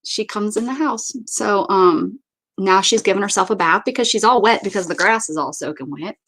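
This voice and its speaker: A woman hosting a casual livestream in a chatty, rambling way. She breaks off her story to greet viewers by name, then picks it up again. She often stumbles over words and starts again, and her voice sits at an ordinary pitch for a woman. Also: normal speed, fairly bright tone. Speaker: livestream host. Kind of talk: casual chat.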